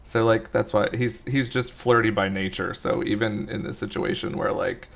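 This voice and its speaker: A man's voice: lowish voice, steady tone, normal speed, vocal fry, muffled recording. A man describing his character's actions in a casual tabletop role-play, hesitant and full of fillers. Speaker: tabletop game player.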